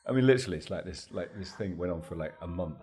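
Male actor guest with a very deep voice, lively and laughing as he tells stories. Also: fast. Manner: animated, laughs often, acts out dialogue in stories. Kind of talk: anecdotal interview storytelling.

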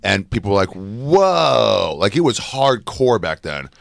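A man's voice: fairly low pitch, moderate pace, no echo, clean studio sound. A man, a comedian guest, chatting casually on a podcast and acting out quotes as he tells stories. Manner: animated storyteller acting out quotes.

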